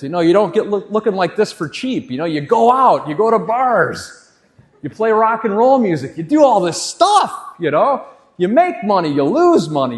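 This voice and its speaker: A man in his forties giving a live motivational talk on stage, hyped, swearing and leading the crowd in shouted chants. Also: high-pitched. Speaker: motivational speaker. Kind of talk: live motivational talk with audience call-and-response. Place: stage in a large hall with a crowd. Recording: echoey hall with faint crowd.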